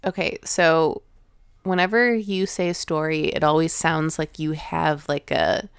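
A woman's voice: low-pitched, steady tone, measured pace, creaky, clean tone, no room sound, studio quality. A young woman co-hosting a podcast, chatting casually, teasing bluntly and swearing freely. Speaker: podcast co-host. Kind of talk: casual chat.

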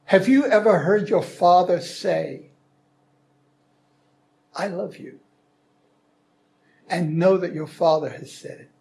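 A man's voice: high-pitched, normal speed, vocal fry, a little mellow. A man giving an earnest, prayerful sermon-style teaching, asking rhetorical questions. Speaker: Christian teacher.

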